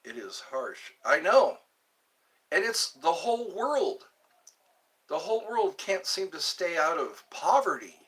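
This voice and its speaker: Slow-talking man musing on a live stream. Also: high voice, big pitch swings, a bit bright. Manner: rambling, musing, drifts between topics. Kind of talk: casual live-stream chat reading comments.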